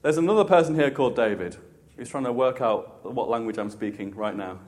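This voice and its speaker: A man preaching a sermon with an emphatic, repetitive cadence, dropping soft and low for reverent passages. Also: expressive, a little fast, big-room sound.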